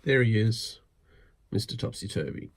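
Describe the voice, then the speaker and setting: A man reading a picture book aloud at bedtime, pausing to point out each picture. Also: fairly low pitch, animated, breathy edge. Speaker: storybook reader.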